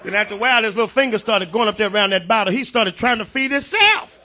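A man preaching a revival sermon in a church, using call-and-response and breaking into shouts. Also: sits high, fast, few pauses, some chatter behind. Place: church sanctuary.

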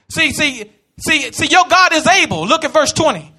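A man preaching a sermon, shouting and repeating his phrases in a rhythmic build. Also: very high voice, expressive, normal speed, few pauses.

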